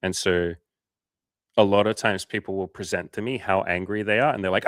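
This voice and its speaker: A man's voice: steady tone, fairly quick, dry recording, studio quality. A man coaching viewers on a livestream, talking bluntly and casually, swearing now and then. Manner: blunt, casual, swears, acts out quotes in higher voices.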